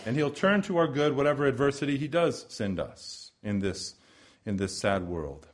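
A man preaching a sermon in a measured, rhetorical way, repeating phrases and building to swells of emphasis. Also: mid-range voice, animated.

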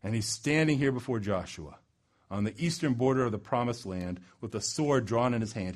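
A man preaching a sermon, building to loud emphatic peaks and dropping low and slow for weight. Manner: dramatic swings in pitch and loudness, slows for emphasis.

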